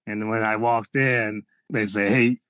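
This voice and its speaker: A man's voice: lowish voice, fairly even intonation, normal speed, a bit bright, clear, resonant tone, dry recording, clean studio sound. A man and former pro wrestler telling backstage anecdotes in a shoot interview, acting out quotes and laughing often.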